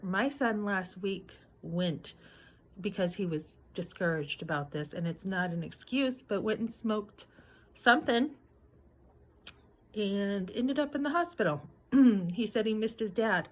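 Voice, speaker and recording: A woman in her fifties talking straight to her viewers in a personal vlog, emphatic and indignant, acting out her own sharp words and holding back tears. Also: mid-range voice, lively intonation, unhurried. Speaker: vlogger.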